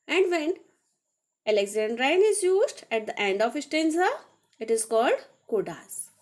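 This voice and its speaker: A woman teacher with an Indian accent, reading out a recorded lecture slowly and deliberately. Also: a little high, big pitch swings. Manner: slow, deliberate reading of notes.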